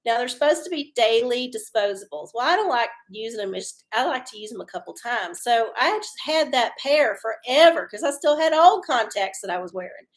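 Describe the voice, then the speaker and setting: A woman's voice: a little high, expressive, fairly quick, few pauses. A woman hosting a live stream, chatting in a folksy, rambling way and swearing freely. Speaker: livestream host doing oracle readings. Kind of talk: casual live-stream chat.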